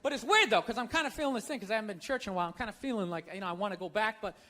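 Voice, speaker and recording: Ranting male stand-up comic, high bright voice. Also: racing. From United States. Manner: sarcastic, ranting, profane. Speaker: stand-up comedian. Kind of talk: stand-up routine. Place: comedy stage before a live audience. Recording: live show with faint crowd noise. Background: audience laughter.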